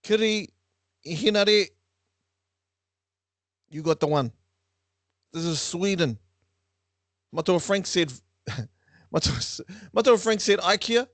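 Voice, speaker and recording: A man hosting a lively quiz for a class, playful and teasing with frequent laughter. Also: sits high, slow pace, pauses often, no echo. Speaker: online class quiz host.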